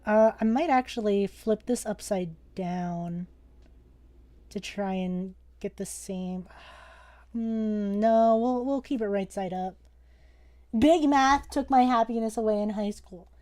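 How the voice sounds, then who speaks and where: A young woman teaching a casual live-streamed drawing lesson, playful and joking, excitable, with casual swearing. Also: medium pitch, slow.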